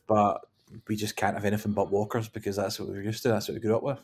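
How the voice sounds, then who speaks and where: A man's voice: on the low side, flat delivery, fast, a little mellow, breathy edge. A man in his thirties co-hosting a podcast, telling stories in a casual, sweary, laugh-filled way. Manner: storytelling, laughs often, sweary banter. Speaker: podcast co-host. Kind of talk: casual chat.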